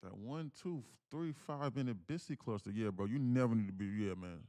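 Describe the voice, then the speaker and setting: At a moderate pace and medium pitch, a man hosts a live day-trading stream. He chats casually and with energy, reading messages from chat aloud while using slang and letting a curse slip here and there.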